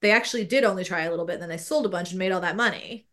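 Bright-voiced woman host who rambles through a casual movie chat. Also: fairly low pitch, rapid-fire. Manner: rambling, full of "like" asides. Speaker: podcast host.

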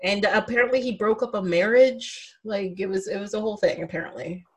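A woman co-hosting a casual movie chat, talkative and laughing often, dropping into quiet asides. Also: medium pitch, fairly quick. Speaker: podcast co-host.

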